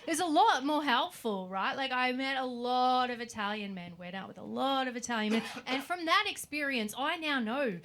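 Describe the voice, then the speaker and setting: A woman's voice: high-pitched, expressive, moderate pace, few pauses, a bit bright. Brash sweary woman comic. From Australia. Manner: brash, sweary punchlines with frequent "right?" asides. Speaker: stand-up comedian. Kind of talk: stand-up comedy set. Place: comedy club stage with audience.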